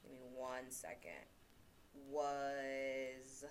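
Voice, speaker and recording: A woman's voice: extremely low pitch, monotone, very slow, a little hiss or hum. A woman hosting a podcast, talking casually and earnestly about self-reflection, repeating phrases for emphasis. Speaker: podcast host; teacher. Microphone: laptop.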